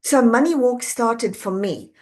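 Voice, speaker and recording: A middle-aged woman, an executive coach and author, talking as a podcast guest, telling animated stories and acting out quoted voices with easy laughter. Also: a little high, measured pace. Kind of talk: conversational podcast interview.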